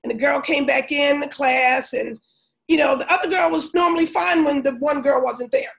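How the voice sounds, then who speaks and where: A woman's voice: high-pitched, normal speed, vocal fry, poor audio. A woman, a former teacher and coach, telling a story in a casual interview and acting out what people said. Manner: animated, acts out quoted voices.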